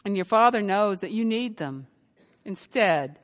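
A woman pastor giving a sermon and telling a story, growing lively as she recounts it. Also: medium pitch, unhurried, big-room sound. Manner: storytelling, lively when quoting.

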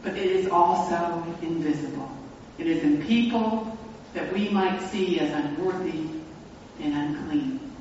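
A pastor telling a story in a sermon, speaking reflectively and slowing down for emphasis. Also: mid-range voice, a little mellow, a little hiss or hum. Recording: echoey hall, distant mic, dull sound.

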